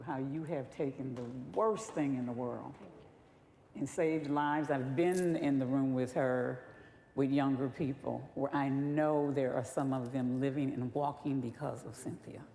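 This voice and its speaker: Slow low-voiced woman in a hall. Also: mellow, slight background noise. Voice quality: heartfelt, halting with fillers. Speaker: event presenter. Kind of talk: introducing a speaker at a live event.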